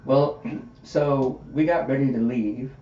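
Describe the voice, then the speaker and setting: A podcast host with a medium-pitched voice takes his time telling a personal story casually, animatedly acting out the quoted dialogue. The recording sounds roomy, distant, and dull, with faint hiss.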